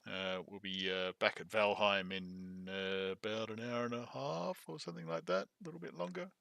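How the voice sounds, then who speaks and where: A man's voice: fairly low pitch, fairly even intonation, moderate pace, vocal fry, fairly bright tone, no echo, studio quality. A man casually commenting while editing an audiobook, chatty and joking, greeting viewers in chat. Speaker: audiobook producer. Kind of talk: casual behind-the-scenes commentary.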